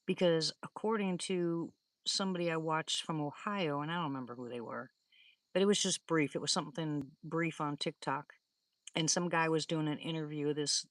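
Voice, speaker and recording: A low-pitched older woman, recorded dry, hosts a live stream. She chats casually with her audience, rambling through stories and laughing frequently.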